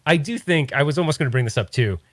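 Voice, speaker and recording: A man's voice: on the high side, animated, fast talker, no echo. A man hosting a podcast, talking in a rambling, opinionated, casual way. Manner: rambling, opinionated, many restarts. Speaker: podcast host. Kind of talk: casual chat.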